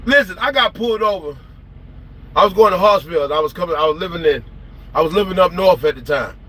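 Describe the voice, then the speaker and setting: A man's voice: high voice, brisk, slightly rough. A man, telling stories in a slangy, emphatic way on a late-night trucking livestream. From South Carolina. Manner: animated, slangy, emphatic storytelling. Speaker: trucker vlogger.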